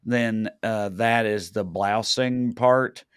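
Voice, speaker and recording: Smooth low-voiced man hosting a podcast. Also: steady tone, slow, no room sound, clean studio sound. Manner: chatty, rambling with fillers and restarts. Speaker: podcast co-host. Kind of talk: casual podcast chat. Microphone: remote recording, podcast mic.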